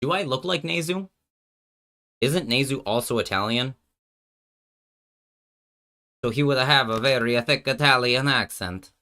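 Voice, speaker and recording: A man's voice: mid-range voice, a little slow, pauses often, pushed and bright. Man streaming, joking and thinking aloud. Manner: joking with chat, thinking aloud, trailing off mid-sentence. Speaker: streamer and host. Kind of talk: casual live-stream chat while working out card game plays.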